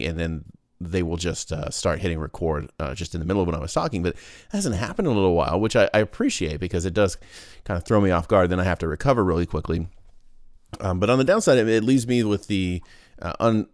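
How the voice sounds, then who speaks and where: A man's voice: sits low, no echo, clean studio sound. A man hosting his own podcast, talking in a goofy, rambling casual monologue full of restarts. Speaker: podcast host.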